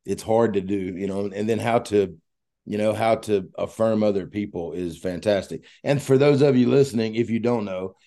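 A man's voice: on the low side, creaky, warm tone. A man hosting a casual podcast interview, talking in an enthusiastic, rambling way. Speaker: podcast host and coach.

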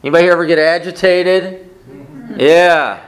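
A man's voice: on the high side, steady tone, normal speed. A man preaching a conversational sermon, often asking the congregation questions. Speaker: pastor.

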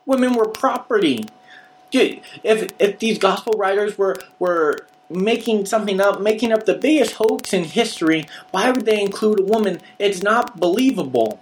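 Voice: mid-range voice, animated, normal speed, a little hiss or hum, rough recording. A preacher giving an emphatic, repetitive sermon in a casual, slangy way.

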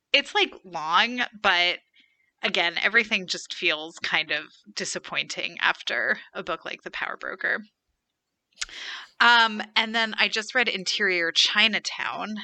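A woman's voice: mid-range voice, unhurried, bright, forceful tone, dry recording. A woman co-hosting a podcast, chatting casually with lots of "like" fillers. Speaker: podcast co-host. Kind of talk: casual chat.

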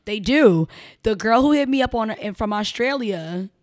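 A woman with a Chicago accent chats as a podcast guest, with a fairly high-pitched voice. She is animated and emphatic as she tells her stories. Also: moderate pace. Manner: animated, emphatic storyteller who slips into mimicked voices. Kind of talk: casual interview chat.

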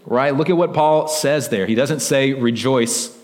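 Talking a little slowly, this male pastor preaches in a casual, chatty style, frequently using "like" and "right?" with his congregation. A long reverb from the hall surrounds his middle-pitched voice.

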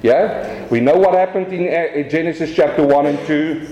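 South African pastor preaching in echoey hall. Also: male voice, a little high, normal speed, lo-fi sound, slight background noise. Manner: animated preaching, swings from quiet to raised. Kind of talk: sermon.

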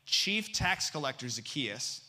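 A man preaching a sermon as pastor, joking with the congregation and dropping to a hush for emphasis. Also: medium pitch, a little slow. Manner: lively and humorous, swinging between loud and hushed.

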